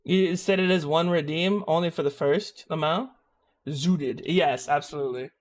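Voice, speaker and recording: A man's voice: fairly high pitch, moderate pace. A young man streaming live, joking around and chatting with his viewers as he reacts to a video. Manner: joking, animated, talks to chat.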